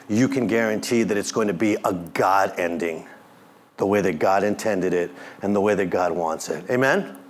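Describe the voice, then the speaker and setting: Delivering a lively sermon, this middle-aged male pastor dramatizes quotes and jokes around with his congregation. His voice sits in the mid range.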